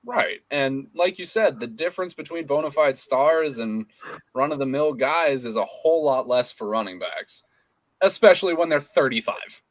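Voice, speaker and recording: A man's voice: fairly high pitch, animated, normal speed, no room sound. A man co-hosting a sports podcast, chatting casually and then ranting in a fired-up, profane way. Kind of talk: casual sports chat and rant.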